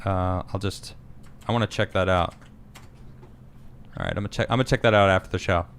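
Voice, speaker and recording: A man hosting a casual podcast stream, reading viewer comments aloud and reacting with quick asides. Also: sits low, steady tone, a bit bright, slight background noise. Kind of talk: casual live-stream chat.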